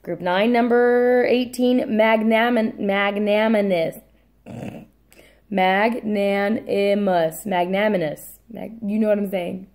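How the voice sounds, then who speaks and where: Woman teacher, spelling test dictation, slow repeated words, brief asides, apologetic self-corrections, mid-pitched voice. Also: steady tone, gravelly, darkish tone. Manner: says each word slowly, repeats it, adds brief asides.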